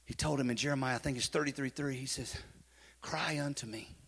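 A male pastor preaching a sermon in a church, swinging from loud urgency to hushed intensity, with folksy joking asides. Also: medium pitch, steady tone, very fast, gravelly. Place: church sanctuary. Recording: long hall reverb.

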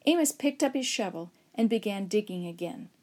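A woman narrating a children's Bible story aloud, lively and expressive, raising her voice for shouted lines. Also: mid-range voice, a little fast. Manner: expressive, acts out shouts and whispers.

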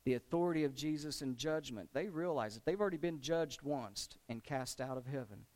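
A man's voice: mid-range voice, brisk, a little mellow. Male pastor preaching with emphasis, mid-range voice, posing rhetorical questions. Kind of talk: sermon.

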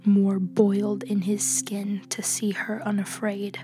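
A woman reading a storybook tale aloud in a hushed, often whispered way, with music playing behind. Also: mid-range voice, completely flat delivery, takes it slowly. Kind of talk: scripted storybook narration.

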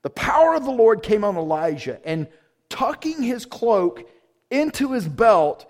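A man's voice: sits high, very animated, unhurried, a little mellow. A man preaching a sermon, reading scripture aloud and breaking in with playful, slangy asides.

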